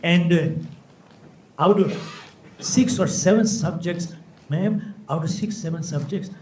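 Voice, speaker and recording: A man's voice: fairly high pitch, a little slow. An older man delivers a motivational keynote, calling out to the crowd and acting out the people in his stories. His voice is heard from a distance, with a faint hum of a large hall behind it. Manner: animated, addresses audience as folks, acts out quoted people. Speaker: motivational speaker. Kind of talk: keynote speech with storytelling. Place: large auditorium with audience.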